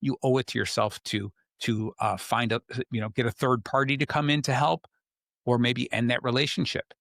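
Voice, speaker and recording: A man hosting a podcast, explaining relationship advice in an easy, conversational manner at a mid pitch. He slips into short quoted exchanges as he talks. The sound is dry and close, with no room echo. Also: fairly even intonation, normal speed, vocal fry, fairly bright tone. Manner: conversational, acts out quoted people. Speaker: host. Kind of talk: casual advice talk.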